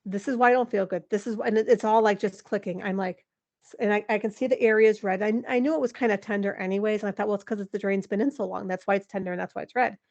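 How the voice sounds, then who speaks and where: A woman in her forties, a podcast guest, telling a personal story in an animated, emotional way, with lots of "like" and some laughter. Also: mid-range voice, fast, highs cut off. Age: 40s. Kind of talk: candid interview storytelling.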